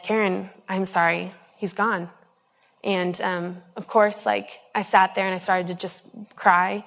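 A woman's voice: medium pitch, vocal fry, fairly bright tone. A woman in her twenties sharing a personal faith testimony in an earnest, rambling way, with many ums and restarts. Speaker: speaker giving a personal testimony. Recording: long hall reverb.

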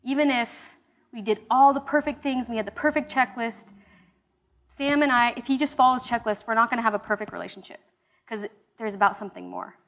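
A young woman leads a relaxed Bible study, talking the way she would to friends. Her voice sits a little high, and she breaks up her thoughts with fillers and restarts. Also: brisk. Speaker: small-group Bible study leader. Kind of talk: casual sermon teaching.

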